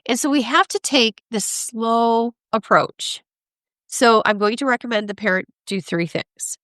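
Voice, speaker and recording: A woman speaking as an expert guest in a conversational interview, animated, acting out parents and kids, often asking "right?". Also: on the high side, unhurried, no room sound, clean studio sound. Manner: animated, acts out parents and kids in quoted voices; frequent laughs and "right?" tags.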